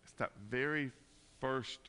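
Bright-voiced man preaching a sermon. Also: mid-range voice, steady tone, measured pace, clean tone. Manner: conversational preaching, swings from soft to loud emphasis. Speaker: pastor.

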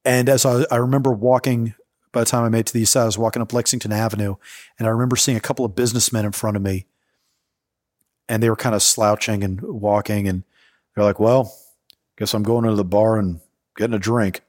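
A man's voice: fairly low pitch, level tone, fast, darkish tone, dry recording. A man in his forties, a podcast host, telling a personal story in a candid, profane way on a close mic. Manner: candid, profane, acts out quoted voices.

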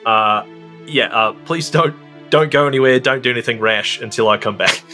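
A man's voice: medium pitch, moderate pace, pushed and bright, soft background music, natural voice. A man voicing a hesitant, earnest adventurer with a put-on Australian accent. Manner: friendly, hesitant, full of fillers.

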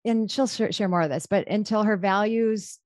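A woman's voice: medium pitch, normal speed, darkish tone, dry recording, studio quality. A woman hosting a podcast, introducing her guest in an effusive, rambling way with many restarts. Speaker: podcast host.

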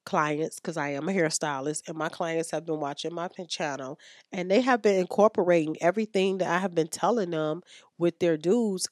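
Blunt, profane woman podcaster with a low voice. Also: no room sound, studio quality. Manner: blunt, profane, emphatic with repetitions. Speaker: podcast host and hairstylist. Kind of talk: frank casual advice talk.

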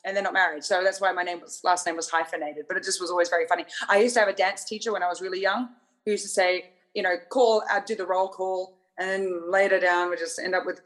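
A woman's voice: lowish voice, fairly even intonation, fast, a bit bright. A woman songwriter chatting casually as a podcast guest, talkative and self-mocking, laughing often.

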